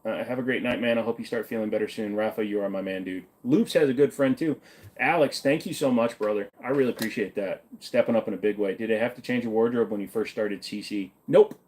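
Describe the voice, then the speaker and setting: Casual male streamer with a lowish voice, reads chat questions and answers offhand, jokey and cursing a bit. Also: fast talker, a little mellow. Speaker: livestream host answering chat.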